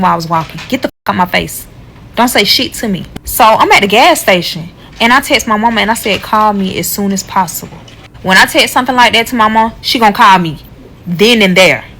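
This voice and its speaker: A woman telling a casual storytime, blunt and profane, animated as she retells what happened. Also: a little high, a little fast, a little hiss or hum, rough recording.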